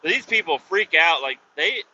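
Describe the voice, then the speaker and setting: Driving while he podcasts, this host tells an exasperated, rambling story packed with swearing. His voice is fairly high, bright, and forceful, with lively intonation at a normal speed, and the lo-fi audio is dull with faint road noise in the background.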